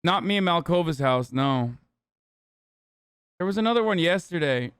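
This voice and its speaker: A man's voice: a little high, lively intonation, moderate pace, a bit bright, clean tone, no echo, studio quality. A man hosting a casual livestream reaction, joking, sarcastic and profane. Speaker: streamer host.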